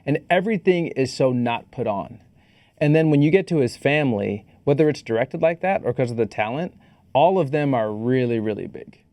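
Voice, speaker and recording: A man co-hosts a podcast in a loose, joking voice, with a pitch in the middle range for a man. The recording is dry and close, with no room sound. He keeps breaking off his thoughts with laughs and asides. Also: lively intonation, normal speed, a little mellow, dry recording. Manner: laughing, jokey, trails off. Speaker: podcast co-host. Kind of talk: casual film discussion.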